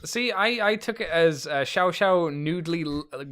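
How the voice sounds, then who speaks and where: A man co-hosting a podcast in casual chat, reacting quickly and laughing along. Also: fairly high pitch, very noisy. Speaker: podcast co-host.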